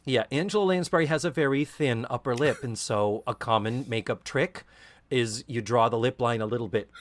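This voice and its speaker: A man's voice: mid-range voice, moderate pace. A man co-hosting a podcast, talking casually and theatrically, breaking into put-on voices to quote scenes. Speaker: podcast co-host. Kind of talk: casual chat.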